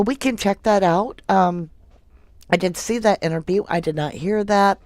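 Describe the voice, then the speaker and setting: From home, a woman hosts a casual true crime livestream, reading chat messages aloud and giving blunt, opinionated takes. Her voice is low, and the recording is dry.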